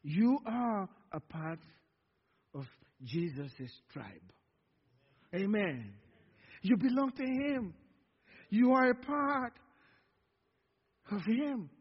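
A man's voice: high voice, lively intonation, drawn-out words, long pauses, breathy edge. A male pastor preaching a sermon with call-and-response, stretching out words for emphasis. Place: church sanctuary. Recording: dull lo-fi sound in a reverberant church hall.

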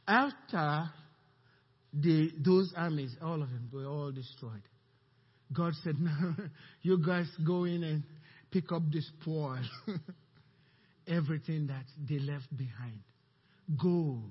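High-voiced, husky preaching man. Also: in a large hall, dull audio. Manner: animated preaching, asking the congregation questions. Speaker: pastor. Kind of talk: sermon. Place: church sanctuary.

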